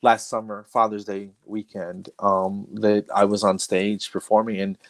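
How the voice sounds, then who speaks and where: A man's voice: on the low side, flat delivery, unhurried. A middle-aged man, a comedian and dental hygienist, telling his stand-up bits in a casual interview, rambling with restarts and acting out his jokes.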